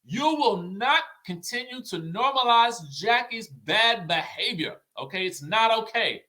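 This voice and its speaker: A stern, fed-up reality-TV woman, scolding slowly and insistently, as a man puts her on. The voice sits well above the man's own. It sounds bright and tense. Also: sits high, animated, voice pushed up, heavily acted.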